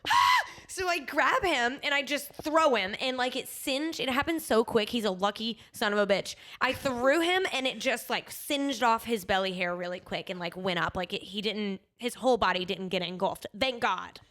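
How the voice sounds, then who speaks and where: A young woman co-hosting a podcast, telling stories in an animated way with lots of "like". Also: fairly high pitch, moderate pace, few pauses. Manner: animated storyteller, full of "like". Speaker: podcast co-host. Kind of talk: casual chat.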